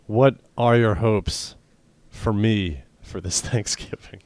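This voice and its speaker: A young man co-hosting a comedy podcast, rambling in deadpan, crude banter. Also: on the low side, takes it slowly, dry recording. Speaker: podcast co-host.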